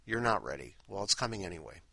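A man's voice: low voice, very animated, fast, gravelly, heavy background noise. A man hosting a podcast in casual, rambling, self-deprecating chat. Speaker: podcast host.

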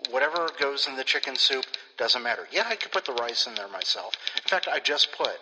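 A man's voice: mid-range voice, lively intonation, brisk, big-room sound, background noise. A man hosting a podcast, chatting casually in a playful, rambling, self-mocking way. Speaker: podcast host.

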